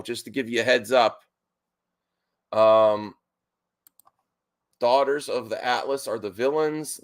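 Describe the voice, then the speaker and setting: Jittery excited man live streaming. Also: medium pitch. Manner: excited, restless, keeps interrupting himself. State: nervous and worked up. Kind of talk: live stream reaction chat.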